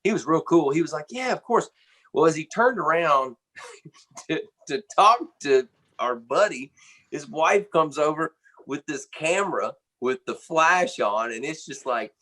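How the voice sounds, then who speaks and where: A man's voice: on the high side, animated, unhurried, bright, forceful tone. A man from the United States, a drummer being interviewed, telling a casual, rambling story full of fillers and restarts. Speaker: guest musician, drummer.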